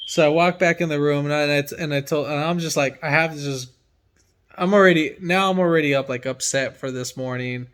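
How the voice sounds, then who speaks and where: A man's voice: a little high, steady tone, fairly quick, fairly bright tone. A man who works as a mechanic from home, telling a story in casual chat and acting out his own reactions with energy.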